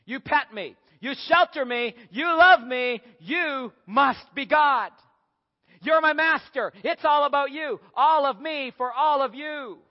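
A preacher puts on an eager, worshipful dog that lives only for its master. The voice sits high, and the sound is dull and lo-fi. It rings with a long hall echo. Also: male voice, slow pace. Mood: adoring. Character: devoted adoring pet dog, male.

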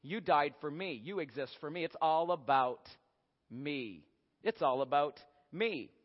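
A preacher puts on a smug, self-absorbed cat, drawling that everything exists for it. The voice runs high for a man. It comes through a dull, lo-fi recording with a long hall echo. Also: animated, unhurried. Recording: echoey hall, dull lo-fi sound.

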